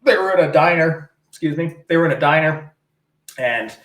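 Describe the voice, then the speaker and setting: A man's voice: on the high side, moderate pace, fairly bright tone, reverberant, rough recording. A man from Canada co-hosting a casual political podcast, rambling and emphatic, swearing freely. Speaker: podcast co-host.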